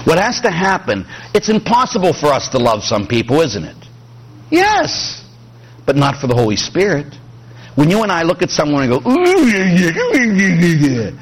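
A man's voice: fairly high pitch, brisk, creaky, slightly rough. A middle-aged man from Pittsburgh, a priest preaching a sermon with jokes, acting out quoted voices. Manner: animated, joking, acts out quoted voices.

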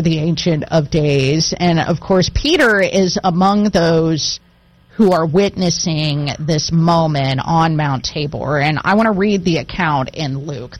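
A woman's voice: low-pitched, no room sound, low-quality recording. A woman hosting a conversation about scripture, reading a passage aloud and asking curious questions in a casual way. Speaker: host.

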